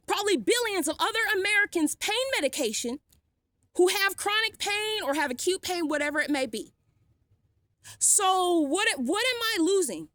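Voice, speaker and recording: High-pitched defiant woman ranting. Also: pushed and bright, no room sound, clean studio sound. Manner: defiant, sarcastic, blunt with profanity. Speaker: vlogger. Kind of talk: ranting vlog monologue.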